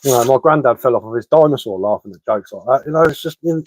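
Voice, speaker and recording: A man's voice: mid-range voice, expressive, fast talker, a little mellow, dry recording, low-quality recording. A man with a Sussex English accent chatting cheerfully on a live stream, answering comments and throwing in rhyming slang. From England. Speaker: live streamer of bushcraft and woodwork.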